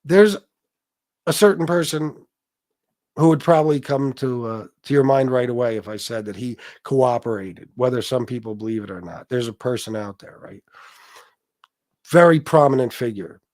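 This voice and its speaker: A man hosts a casual livestream, reading viewer comments aloud and launching into blunt, animated rants full of swearing. His voice is mid-range at a moderate pace, with studio-quality sound and no room sound.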